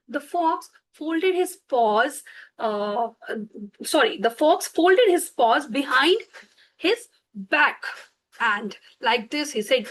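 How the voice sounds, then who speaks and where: A woman narrating a bedtime story slowly, pausing to explain words for children, with fillers and self-corrections. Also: high-pitched, animated, fairly bright tone, poor audio.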